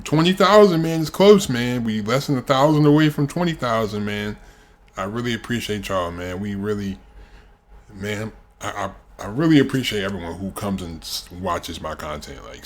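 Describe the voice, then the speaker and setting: A young American man with a fairly low voice, giving casual reaction commentary. He rambles, packing in fillers and breaking off to laugh. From United States. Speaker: reaction video host.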